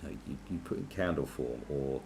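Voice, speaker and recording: Gravelly man ranting sarcastically. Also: rumbling low, brisk, darkish tone, a little hiss or hum. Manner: sarcastic, mocking, lots of restarts. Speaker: podcast host. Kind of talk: crude comedic rant.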